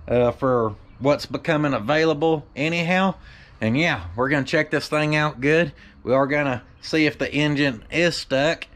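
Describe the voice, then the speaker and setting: A man's voice: on the high side, fairly bright tone. A man hosting a shop vlog outdoors, talking in a joking, folksy way with country slang. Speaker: shop owner and channel host. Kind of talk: casual vlog commentary. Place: outdoors behind a workshop, by a carport.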